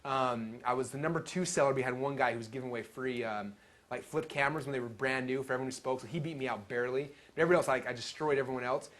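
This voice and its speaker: A man telling stories at a live seminar, animated and acting out the quotes he tells. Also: mid-range voice, racing. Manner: animated storytelling, acts out quotes. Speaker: seminar speaker.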